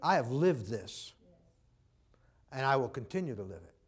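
Very animated, at medium pitch and a moderate pace with a breathy edge, a preacher tells a story from his own life in a sermon. He talks conversationally and plays out the quoted dialogue.

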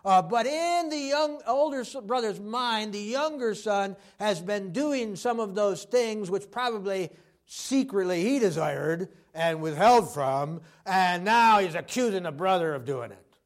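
A man preaches a sermon in a high, light voice. He talks with lots of fillers and acts out the voices of the people he quotes, swinging between loud and soft. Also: expressive, a little slow.

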